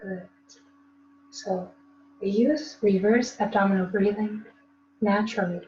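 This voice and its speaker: A woman tai chi instructor leading an online breathing lesson in a calm, coaching way, with demonstration gasps and laughs. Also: medium pitch, unhurried. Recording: roomy, distant, dull, faint hiss.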